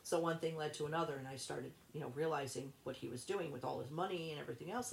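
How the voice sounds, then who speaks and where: Interview guest: woman, gravelly low voice, rambling and halting, echoey room. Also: slight background noise. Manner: rambling, halting, with many restarts. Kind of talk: personal storytelling in an interview.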